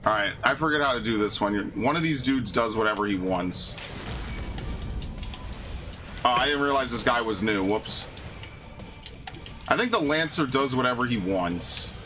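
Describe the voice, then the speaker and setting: Man, gaming streamer, casual ranting commentary, lots of cursing, average pitch, game music playing behind. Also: expressive, normal speed, pauses often. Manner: profane, grumbling, ranty.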